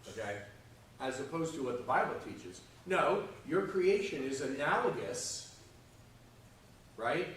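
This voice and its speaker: A man teaches a Sunday school Bible lesson in a plain, mid-pitched voice. He talks conversationally and keeps asking "okay?" and "right?". The mic is far from him, so his voice comes across in an echoey church classroom. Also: lively intonation, a little slow, fairly bright tone, a little hiss or hum. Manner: checks in often with "okay?" and "right?".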